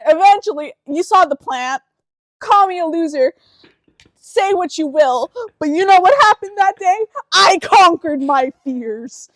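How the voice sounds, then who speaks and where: A young woman co-hosting a podcast with her brother, telling stories in animated, swearing casual chat. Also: very high voice, unhurried, no room sound. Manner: animated storytelling, swears freely. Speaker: podcast co-host.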